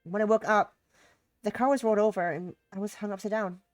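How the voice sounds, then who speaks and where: A sick-voiced woman voicing the gentle, curious young human heroine of a visual novel, reading softly and earnestly. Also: mid-range voice, steady tone, fairly quick, no room sound, soft background music, voice pushed up, close to an everyday voice.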